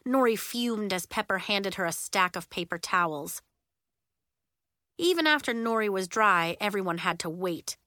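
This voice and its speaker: Bright-voiced woman reading a children's book. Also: mid-range voice, no room sound, studio quality. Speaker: audiobook narrator. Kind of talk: scripted children's book narration.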